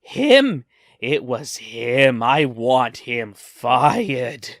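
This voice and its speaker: A man voicing an entitled, furious woman shopper who shouts her demands in slow, drawn-out words. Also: rumbling low, lively intonation, dry recording, studio quality, voice pushed down, exaggerated voice. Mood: shrieking.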